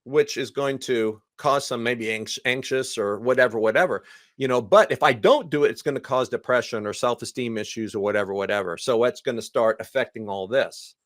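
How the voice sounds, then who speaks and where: A lively man talks as a guest counselor, acting out the people he describes and firing off repeated words in quick bursts. His voice sits in a middle pitch and is recorded dry and close, with no room sound. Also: no room sound. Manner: animated, acts out other people's voices. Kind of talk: casual conversation.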